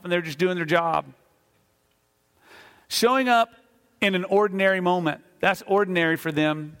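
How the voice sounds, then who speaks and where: A pastor preaching a sermon, telling a Bible story conversationally and acting out the voices of its figures. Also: male voice, high-pitched, fairly bright tone, clear, resonant tone. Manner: conversational with fillers. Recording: long hall reverb.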